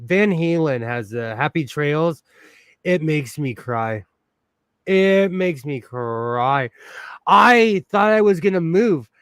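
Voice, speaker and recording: A man's voice: on the high side, dry recording. Chatty man hosting, dry sound. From United States. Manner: rambling and sentimental, many fillers. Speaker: host. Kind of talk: casual livestream chat while sewing.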